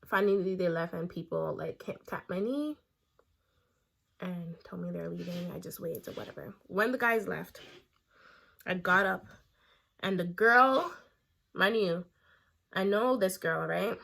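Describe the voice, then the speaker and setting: A young woman vlogger telling a casual story time while doing her makeup, animated and chatty, acting out the quotes. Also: on the low side, unhurried, creaky, long pauses. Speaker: beauty vlogger.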